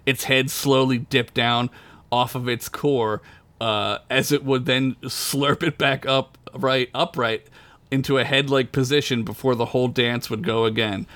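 A man's voice: mid-range voice, steady tone, measured pace, fairly bright tone, dry recording. A man narrating a tabletop story as game master in a crude comedic style, breaking into laughter at his own jokes.

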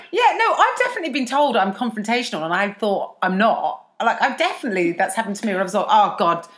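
A middle-aged woman chatting casually, telling animated stories with frequent laughter. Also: mid-range voice, a little fast. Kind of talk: casual chat.

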